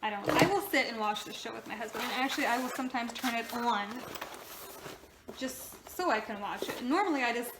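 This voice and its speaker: A woman's voice: fairly high pitch, expressive, fairly quick. A woman sewing vlogger chatting casually while she sews in her home sewing room, rambling and poking fun at herself. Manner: rambling, chatty, self-deprecating. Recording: echoey room with background noise.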